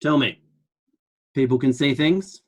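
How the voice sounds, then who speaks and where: A man's voice: medium pitch, measured pace, a little mellow. A man with an Australian accent giving an online lecture in a flippant, joking way.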